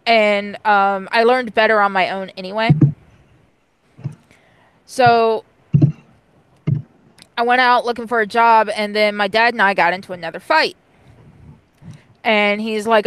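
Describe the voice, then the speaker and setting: A young adult woman telling a personal story in casual, profane chat, blunt and animated. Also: fairly high pitch, measured pace, long pauses, smooth, dry recording, low-quality recording. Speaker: co-host.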